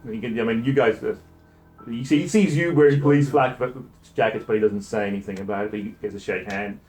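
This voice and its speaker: A man's voice: lowish voice, quick pace, a little mellow, faint music behind. A man from South Africa narrating a tabletop game as game master, casual and full of fillers. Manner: casual, filler-heavy, hesitant.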